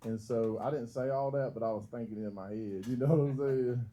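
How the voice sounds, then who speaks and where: A man's voice: mid-range voice, fairly quick, warm tone, rough recording. A young man doing stand-up at a comedy club open mic, loose and profane, laughing at his own jokes. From Georgia, US. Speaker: stand-up comic.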